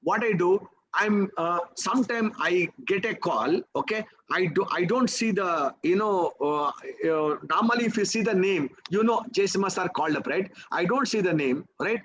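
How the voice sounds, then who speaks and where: A man's voice: high voice, animated, normal speed, hardly any pauses, fairly bright tone, slight background noise, rough recording. A man with an Indian English accent teaching memory techniques, asking the class rhetorical questions and checking in with "okay?" and "right?". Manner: coaxing, peppers talk with "okay?" and "right?". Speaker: memory trainer. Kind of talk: live teaching session.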